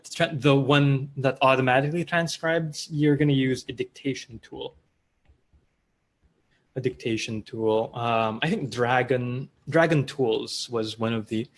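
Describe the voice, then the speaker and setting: A man with a Filipino accent hosting a casual live-stream Q&A, reading viewer comments aloud in a loose, chatty way with fillers and restarts. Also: mid-range voice. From Philippines. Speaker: host of a live online Q&A.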